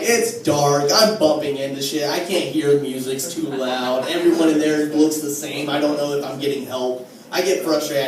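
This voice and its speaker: A man doing a stand-up comedy set in a comedy club, telling crude, self-mocking stories in a casual way, with lots of "like" and "all right?". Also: a little high. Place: comedy club stage with live audience. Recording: distant, very echoey club recording with noise. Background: audience laughter and room ambience.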